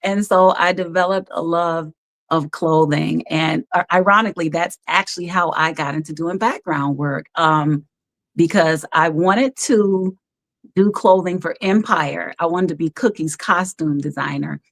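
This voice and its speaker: A woman with a somewhat low voice talks as a guest on a live-streamed video call. She tells her stories in an animated way, full of laughs and fillers. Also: vocal fry. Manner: animated storyteller, quick to laugh, many fillers. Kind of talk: casual interview over a live stream.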